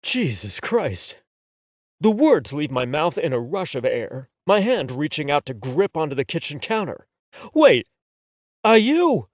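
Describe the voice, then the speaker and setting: A man narrates a first-person romance with a wry, expressive read. His voice sits a bit high and moves a lot in pitch. The recording is dry and close to the mic. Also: moderate pace, hardly any pauses, no echo. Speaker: audiobook narrator.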